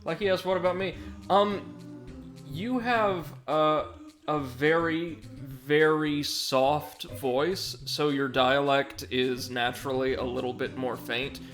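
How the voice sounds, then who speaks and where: A man's voice: a little high, fairly even intonation, slow, a bit bright, soft background music. A young man casually commenting on a video game while reading viewer messages aloud. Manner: rambling, chatty, reads chat aloud. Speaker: livestream gamer.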